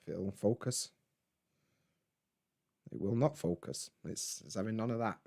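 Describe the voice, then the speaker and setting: A man's voice: fairly low pitch, unhurried, vocal fry, warm tone. A man, hosting a casual live stream from home, rambling in a laid-back way, swearing freely and answering chat.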